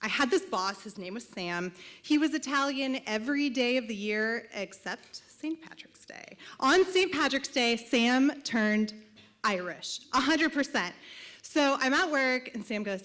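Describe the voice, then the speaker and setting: A woman with a higher voice tells a personal story on a live show stage. She leans on comic timing and punchy asides, speaking into a stage mic. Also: expressive, measured pace, a bit bright.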